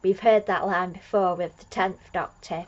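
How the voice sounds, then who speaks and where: A woman's voice: lowish voice, steady tone, moderate pace, lo-fi sound. A woman recapping an episode as a fan reviewer, gushing and rambling with lots of fillers and restarts.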